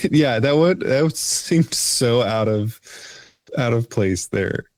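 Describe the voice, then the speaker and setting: A man's voice: medium pitch, lively intonation, no echo. A man co-hosting a movie review podcast in casual chat, answering in short, hesitant remarks. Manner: slow, hesitant, short replies. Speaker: podcast co-host.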